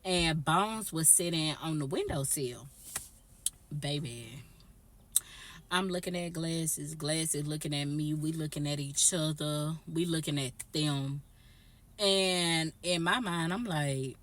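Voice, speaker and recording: A woman vlogger telling an animated, profane, slangy story straight to camera. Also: low voice, unhurried, slight background noise. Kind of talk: storytime vlog.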